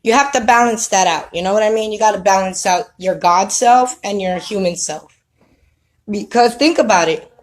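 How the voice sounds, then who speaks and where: A woman's voice: mid-range voice, moderate pace, low-quality recording. A woman giving a casual spiritual talk to camera at home, preachy and streetwise, who keeps checking with "you know what I mean?". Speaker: spiritual vlogger. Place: home with children around.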